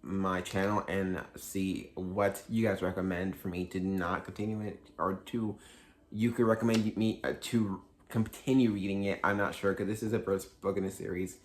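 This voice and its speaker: Male book vlogger, slightly low voice, loose chatty delivery with constant fillers and self-corrections. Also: fairly even intonation, moderate pace. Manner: rambling, heavy use of "like", frequent restarts. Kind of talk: casual book review vlog.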